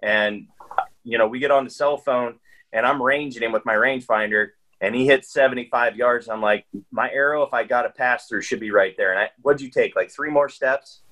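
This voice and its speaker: A man's voice: medium pitch, brisk, pushed and bright, low-quality recording. A man telling a long hunting story in casual chat, rambling along with frequent restarts and fillers. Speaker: guest hunter.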